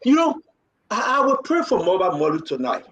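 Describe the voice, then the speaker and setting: A man's voice: high-pitched, huge pitch swings, normal speed, fairly bright tone. A man hosting a live political talk show, emphatic and repeating himself as he reads quotes aloud.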